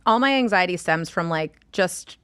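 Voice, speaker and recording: A woman's voice: fairly low pitch, animated, moderate pace, a bit bright, smooth, no echo. Casting note: woman in her 40s, candid chatty guest, swears and laughs, very dry close sound. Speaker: podcast guest. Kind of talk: casual chat.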